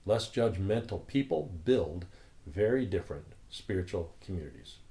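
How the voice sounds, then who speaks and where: A man who leads a spiritual community, telling a story in a calm, earnest, reflective way. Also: low-pitched, normal speed, creaky.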